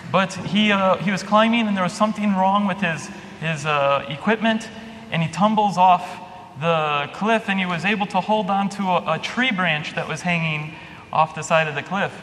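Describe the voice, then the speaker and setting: High-voiced man preaching in a reverberant church. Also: normal speed, fairly bright tone. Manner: conversational, with restarts and fillers. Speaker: priest giving a homily. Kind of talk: sermon. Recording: long reverb, faint hum.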